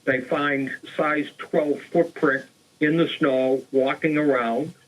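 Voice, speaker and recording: A man's voice: fairly high pitch, fairly even intonation, slow, low-quality recording. A male co-host of a paranormal talk show, retelling an old crime case in a casual way, with fillers and restarts. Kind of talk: storytelling a true crime case.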